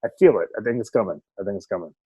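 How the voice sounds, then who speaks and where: A man's voice: on the low side, very fast, warm tone, slightly rough, no echo, dull audio. A man co-hosting a soccer podcast in casual chat, rambling with many restarts and frequent laughs. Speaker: podcast co-host. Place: home, remote call.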